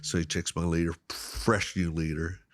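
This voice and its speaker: A middle-aged man tells stories with lots of energy. His fairly low voice jumps up into high exclamations and drops into quiet asides, and he laughs often. The sound is dry and close to the mic. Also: little pitch movement, normal speed, no echo. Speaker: podcast guest. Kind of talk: animated storytelling in casual chat.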